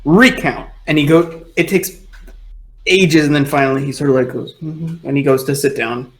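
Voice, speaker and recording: A man's voice: on the high side, moderate pace, rough recording. A man running a tabletop game as game master, narrating loosely with lots of "like" and "sort of".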